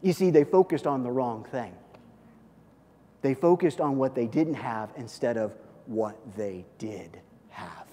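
A male pastor preaching a sermon in a lively, conversational way, often checking in with "okay?" and "listen". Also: mid-range voice, a little slow, slight background noise. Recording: long reverb of a large hall.

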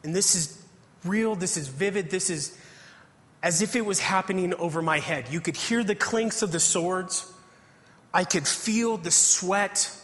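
A man preaching in a big reverberant hall, his voice on the higher side for a man. He tells his story earnestly, like a testimony, and reads scripture aloud. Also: unhurried, fairly bright tone. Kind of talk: testimony sermon.

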